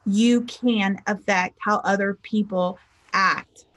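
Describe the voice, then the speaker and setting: This middle-aged woman, a life coach and spiritual teacher, speaks slowly in a steady, medium-pitched and slightly bright voice. Her motivational talk is chatty and story-driven, and she performs the lines of the people in her stories.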